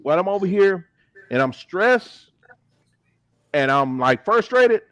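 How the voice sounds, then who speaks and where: A man's voice: high-pitched, sing-song, slow pace, fairly bright tone, no echo, lo-fi sound. A man chatting as a guest on a live podcast, joking and swearing, slipping into fluent Spanish. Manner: laughing, profane banter. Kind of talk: casual chat.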